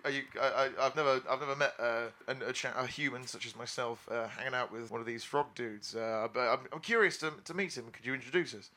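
A man's voice: medium pitch, fast, hardly any pauses, pushed and bright. A man playing a tabletop game, stumbling over words as he eagerly describes his moves. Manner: stammering, restarting eagerly. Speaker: player. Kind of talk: casual tabletop banter.

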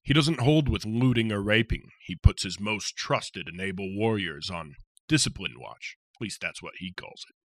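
A man voicing a huge, jovial male warrior captain with boisterous, rough soldier talk. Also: on the low side, lively intonation, moderate pace, no room sound. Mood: stern.

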